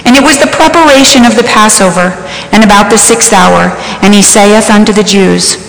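A woman reading a passage of scripture aloud in a measured, solemn voice, as part of a church program. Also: medium pitch, vocal fry. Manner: measured and solemn, lifting her voice for shouted quotes. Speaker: scripture reader. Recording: echoey hall, faint ambience.

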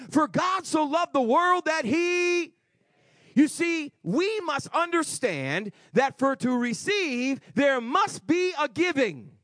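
A male preacher delivering an emphatic sermon to a congregation, shifting between shouts and quiet asides. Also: very high voice, no echo, studio quality. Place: church before a congregation.

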